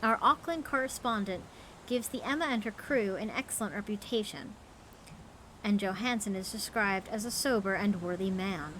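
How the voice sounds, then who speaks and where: A woman's voice: mid-range voice, moderate pace, fairly bright tone, slight background noise, lightly acted, poor audio. A woman voicing a news reporter, reading out a newspaper clipping in a formal newsreader manner.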